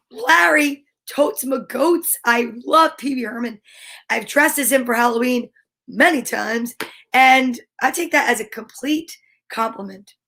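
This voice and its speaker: Bubbly woman host, middle-aged, high bright voice, chatty and animated with young viewers. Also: vocal fry. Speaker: host of a children's story-time show. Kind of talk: cheerful chat to kids at home.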